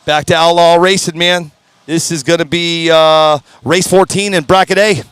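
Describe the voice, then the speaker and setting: A man announcing live drag racing in an upbeat, folksy way, fumbling names now and then, his voice strained and clearing his throat. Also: a little high, steady tone, moderate pace, fairly bright tone, dry recording. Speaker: race announcer. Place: at a racetrack.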